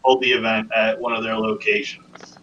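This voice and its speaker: A man's voice: on the low side, level tone, moderate pace, fairly bright tone. A man casually sharing upbeat local news on a live stream. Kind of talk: casual chat. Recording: dull distant mic with faint noise.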